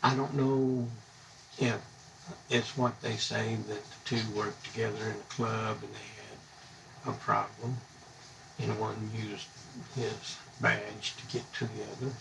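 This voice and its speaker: Gravelly man ranting live. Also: lowish voice, little pitch movement, slow, recorded from a distance. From United States. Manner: blunt, indignant, rambling. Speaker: live streamer. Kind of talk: angry live-stream rant. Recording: voice a bit off-mic, faint background hum.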